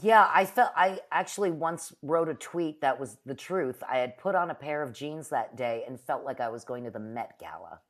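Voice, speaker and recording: A woman with a notably low voice talks frankly in a casual chat. She is salty and self-mocking. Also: animated, normal speed, few pauses.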